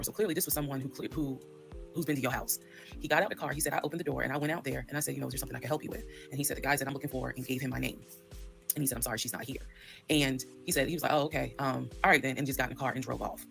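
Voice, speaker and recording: A woman's voice: rumbling low, racing, vocal fry, fairly bright tone, soft background music. A woman telling her own story in a candid, profane way, acting out the dialogue she quotes. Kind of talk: storytime monologue.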